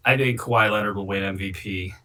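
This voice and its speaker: A man's voice: on the low side, quick pace, crowd noise. Opinionated man rambling about basketball. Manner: opinionated, rambling, hot takes. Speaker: host. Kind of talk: casual sports chat.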